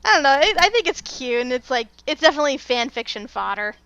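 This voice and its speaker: A woman co-hosting a casual film review chat, animated and quick to laugh. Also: high-pitched, no echo. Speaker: podcast co-host.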